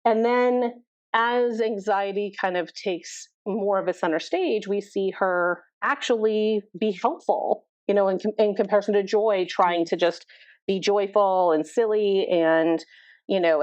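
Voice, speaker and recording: A woman's voice: mid-range voice, steady tone, normal speed, a little mellow, no echo. A middle-aged woman therapist, a podcast guest, explaining thoughtfully with many fillers. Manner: thoughtful, explaining with many likes and you knows. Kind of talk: conversational podcast interview. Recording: dull, dry podcast audio.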